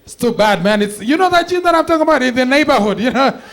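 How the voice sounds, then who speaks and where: A young Kenyan man performing a stand-up comedy set, animated, acting out people and mixing in Swahili phrases. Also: extremely high pitch, fast talker, creaky, a faint crowd.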